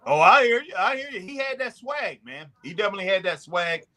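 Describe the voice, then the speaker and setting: Male host, casual chat, bright edgy tone, slightly high pitch, loose and repetitive. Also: animated, brisk. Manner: chatty, repeats himself, drops into mimicking voices. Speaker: show host.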